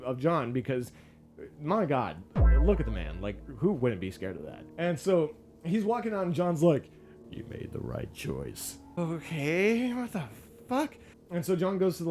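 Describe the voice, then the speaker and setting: A man giving a casual, profane movie review, excitable and full of fillers. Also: medium pitch. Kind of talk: casual spoken film review.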